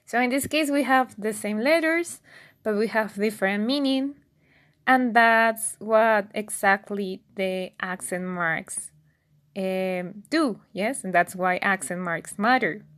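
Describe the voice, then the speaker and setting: A woman teaching a beginner language lesson, patiently repeating words slowly and clearly for learners. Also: medium pitch, fairly bright tone. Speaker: Spanish teacher.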